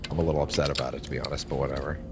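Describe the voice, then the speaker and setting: Deep-voiced rambling young man streaming. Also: fairly even intonation, racing, over music. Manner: rambling, loose, swears casually. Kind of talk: casual gameplay commentary.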